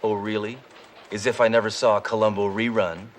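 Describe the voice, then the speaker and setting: An actor playing a deadpan wisecracking cop. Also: male voice, on the low side, brisk, slight background noise, natural voice. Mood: smug. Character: brash tough-guy male cop, deadpan wisecracking. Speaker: police detective. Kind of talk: sitcom acting. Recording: TV soundtrack with music behind.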